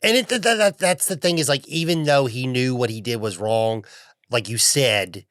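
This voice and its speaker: A man's voice: medium pitch, normal speed, fairly bright tone, dry recording, clean studio sound. A man in a casual film review chat, talking loosely and rambling, with some cursing. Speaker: film podcast co-host.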